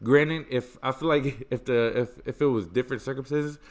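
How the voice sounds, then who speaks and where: A man hosting a podcast, telling stories in a casual, animated way, swearing freely and stressing points through repetition. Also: medium pitch, normal speed. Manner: animated, profane, emphatic repetition. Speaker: podcast host. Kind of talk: casual storytelling chat.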